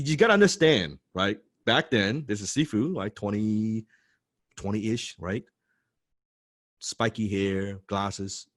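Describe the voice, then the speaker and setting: A man in animated storytelling talk, excitable, who often repeats words and swears for emphasis. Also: lowish voice, no room sound, clean studio sound. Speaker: business coach telling a personal story.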